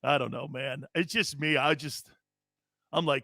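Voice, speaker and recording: A brash man hosting a sports talk show, loud and joking and quick to laugh at viewer comments. His voice sits high and bright, with a forceful edge. The mic is close and the sound is dry, with no room in it. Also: steady tone, creaky, no room sound.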